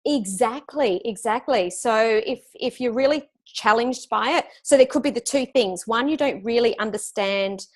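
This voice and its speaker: An Australian woman in her forties talks as an interview guest, upbeat and animated. Her voice sits a little on the high side. She coaches business owners and tells stories easily. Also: normal speed, few pauses. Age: 40s. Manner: upbeat, animated storytelling with frequent laughs. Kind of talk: conversational interview.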